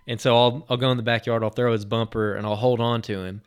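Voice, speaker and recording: A man with an ordinary, mid-range voice tells a story on a podcast. He rambles, doubles back on himself and fills his sentences with "like" and "uh". His delivery stays relaxed and conversational as he relives the moment. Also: medium pitch, fast talker, smooth. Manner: rambling, filler-heavy retelling with many restarts; lively, excited anecdote telling. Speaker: podcast host.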